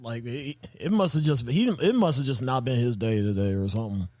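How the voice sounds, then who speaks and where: A man's voice: mid-range voice, fairly quick, darkish tone, no room sound. A man co-hosting a podcast, cutting in with casual, laid-back remarks and laughs. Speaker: podcast co-host. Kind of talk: casual chat.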